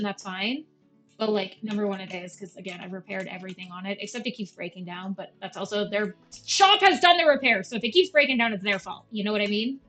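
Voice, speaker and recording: A woman's voice: mid-range voice, fairly bright tone. A young woman from Canada chatting casually while playing a game, telling a story and acting out every voice in it, full of slang. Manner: chatty storytelling, acts out both sides of the conversation, slangy. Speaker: gaming streamer.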